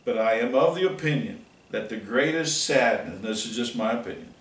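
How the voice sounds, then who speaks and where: A man's voice: mid-range voice, expressive, brisk, a bit bright. A middle-aged man teaching a catechism class, telling a folksy, earnest story. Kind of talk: catechism class talk with personal anecdote. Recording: roomy, mic far off.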